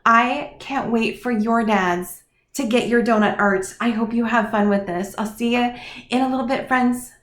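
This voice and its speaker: A woman teaching young children in a lively, sing-song manner, encouraging them and talking straight to them. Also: on the high side, moderate pace, echoey room. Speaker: preschool teacher. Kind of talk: children's lesson.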